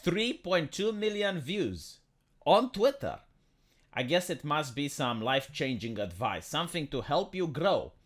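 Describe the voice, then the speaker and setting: A woman's voice: deep voice, a little slow. A woman from Romania giving dry, mocking reaction commentary on a viral video. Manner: dry, mocking, deadpan asides. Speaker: commentary YouTuber.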